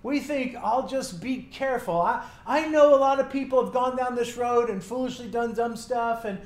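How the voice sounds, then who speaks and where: Male preacher, high-pitched, animated storytelling sermon, roomy echo. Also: normal speed. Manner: lively storytelling, acts out quotes with asides. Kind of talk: sermon, reading and retelling scripture.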